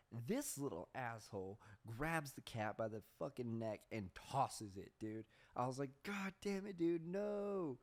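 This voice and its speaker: A young podcast host with a medium-pitched, darkish voice tells stories in a rambling, casual chat, swearing often and laughing at himself. He also reads search results aloud.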